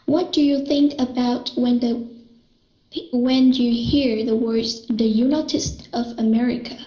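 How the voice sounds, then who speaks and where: A woman learning English, slowly and carefully reading a passage aloud for her teacher. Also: on the high side, steady tone, warm tone, roomy sound, dull audio.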